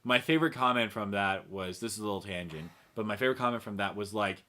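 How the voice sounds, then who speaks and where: A man's voice: on the low side, fast, bright, forceful tone. A young man, a podcast guest, chatting casually in a rambling way with lots of fillers and swearing. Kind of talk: casual chat.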